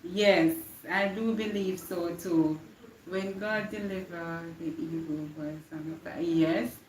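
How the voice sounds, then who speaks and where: A young woman with a Jamaican accent gives an earnest, preachy inspirational talk as a live-stream motivational speaker, occasionally slipping into patois. Her voice is low, steady, and darkish, and she takes it slowly. The low-quality recording is reverberant, from a distant mic, with a little hiss or hum.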